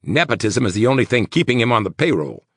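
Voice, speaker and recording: Nervous male mayor, done by a man, raised gravelly voice, insistent rapid fire. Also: mid-range voice, very animated, dry recording, clean studio sound, voice pushed up. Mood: worried. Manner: tense, clipped, insistent. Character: nervous sweating middle-aged male mayor.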